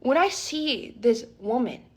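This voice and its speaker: Young woman, breathy, slightly high voice, animated storytime vlogger. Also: slow. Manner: animated, dramatic retelling with repeated "okay?". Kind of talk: casual storytime vlog.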